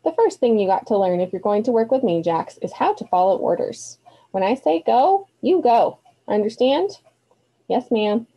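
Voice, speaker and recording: Woman reading as a brisk, stern older magic mentor. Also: on the high side, sing-song, mellow, low-quality recording. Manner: brisk, commanding.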